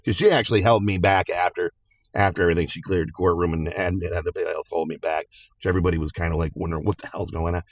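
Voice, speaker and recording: Plain-spoken man with a low voice, casual storytelling, dry close sound. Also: steady tone, fast talker, no room sound.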